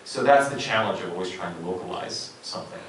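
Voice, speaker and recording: This is a middle-aged male voice actor chatting on a convention panel, articulate and animated, with frequent laughs. His voice sits low and moves through a wide range. The sound comes from a distant mic in a very echoey hall with faint noise behind him. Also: fast talker. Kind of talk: casual panel talk.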